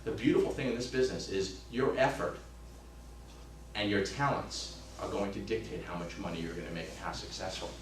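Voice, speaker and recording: A man in his fifties gives a fired-up motivational talk to trainees. His voice sits fairly low and carries some distance from the mic. It echoes around the room over a faint hum. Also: fairly quick. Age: 50s. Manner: energetic, emphatic, swings from loud to hushed. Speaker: real estate trainer.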